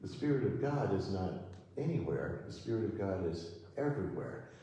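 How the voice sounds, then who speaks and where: A man preaching a sermon at a spiritual center, speaking slowly and gently with many pauses as he leads affirmations. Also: sits low, expressive. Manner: slow, gentle, pausing preacher leading affirmations. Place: church hall. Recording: echoey hall, mic from far off.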